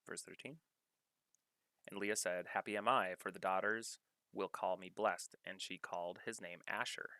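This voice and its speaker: A man reading scripture aloud in a measured, deliberate way, pausing to cite study notes and references. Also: deep voice, fairly even intonation, pushed and bright, no room sound. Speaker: scripture reader.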